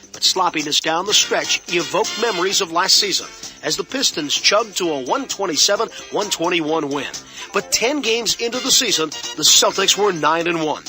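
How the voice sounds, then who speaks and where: A man reading scripted narration for a sports documentary in a measured storytelling manner. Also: sits high. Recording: narration over loud background music.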